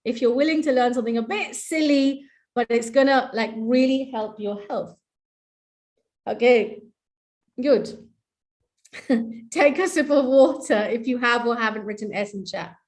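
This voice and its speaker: A woman's voice: on the high side, unhurried, pauses often, darkish tone. A woman presenting in an online webinar, playful and coaxing, leading the audience through breathing and laughter exercises over a video call.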